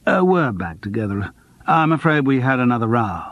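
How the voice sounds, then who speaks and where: A subdued actor turned amateur detective, read by a male narrator, hesitant and rueful in his replies. His voice sits at an ordinary middle pitch. The recording is dry and close. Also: very animated, normal speed, fairly bright tone, no room sound. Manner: low-key, hesitant, rueful. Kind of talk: audiobook character voice.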